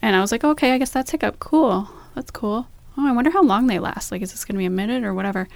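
A pregnant woman in her third trimester, co-hosting a podcast and chatting candidly, telling lively stories with some swearing. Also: on the high side, quick pace, creaky, dry recording. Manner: candid, animated storytelling with swearing. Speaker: podcast co-host. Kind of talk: casual chat.

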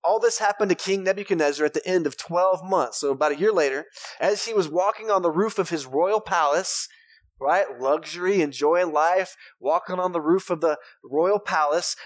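A man preaching a sermon in church, reading scripture aloud and breaking off into joking asides. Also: fairly high pitch. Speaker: pastor.

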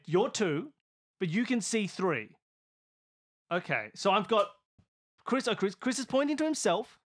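A man's voice: sits high, a bit bright. A man playing a tabletop game, thinking aloud and guessing, getting exasperated at the other players.

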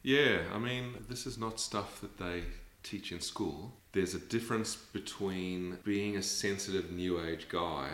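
A man's voice: sits low, unhurried, few pauses, fairly bright tone. An Australian man talking thoughtfully as an interview guest, rambling with many fillers. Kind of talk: reflective conversational interview. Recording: roomy echoey sound.

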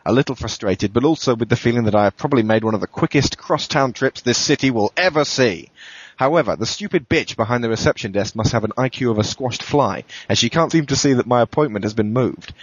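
A man, a podcast host, reading a first-person thriller in a steady, matter-of-fact way. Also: medium pitch, dry recording. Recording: dull, dry lo-fi recording.

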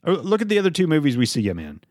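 Male podcast co-host, lively pitch, dry close sound, blunt and sarcastic. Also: rapid-fire, dry recording. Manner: blunt, sarcastic, swears freely. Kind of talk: casual movie review chat.

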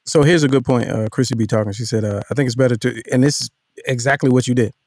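Middle-aged guy on a podcast, reads comments, tells stories all animated, dry close sound. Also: medium pitch, quick pace, no room sound. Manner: animated storyteller, reads listener comments aloud. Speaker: podcast co-host. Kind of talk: casual chat.

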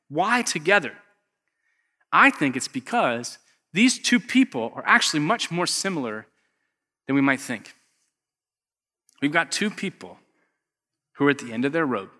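Bright-voiced preacher in an echoing hall. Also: male voice, on the high side. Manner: conversational, acts out characters, wide swings from loud to hushed. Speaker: pastor. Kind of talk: sermon. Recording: echoey long hall reverb.

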